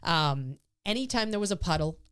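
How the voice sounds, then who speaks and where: Low-voiced woman dog trainer chatting. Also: normal speed, clear, resonant tone, no room sound, clean studio sound. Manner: explains with lively acted-out quotes of her dog. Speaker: dog trainer and podcast co-host. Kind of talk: casual podcast chat.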